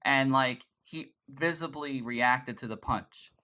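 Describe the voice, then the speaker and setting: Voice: medium pitch, slow pace, bright, forceful tone. A podcast co-host in casual chat, retelling scenes in a loose, rambling way with restarts. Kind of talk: casual pop-culture chat.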